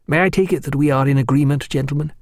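A man voicing a courteous, formal gentleman who speaks with elaborate politeness, in an audiobook reading. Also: on the high side, fairly even intonation, fast, no echo, clean studio sound, voice pushed up, close to an everyday voice. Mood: polite. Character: courteous male ship's surgeon, gentleman.

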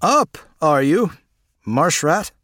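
A man's voice: fairly high pitch, expressive, takes it slowly, bright, forceful tone, no echo, voice pushed up, heavily acted. A man voicing an old male slave healer with a brusque, clipped way of talking, in an audiobook. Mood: gruff. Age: older.

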